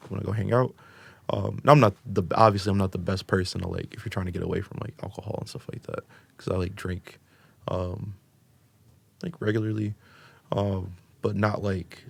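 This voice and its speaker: Low husky guy from the us just rambling thru a story, lots of likes and ums. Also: level tone, a little fast. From United States. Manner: rambling, filler-heavy with constant "like" and "um". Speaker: podcast guest. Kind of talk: casual storytelling.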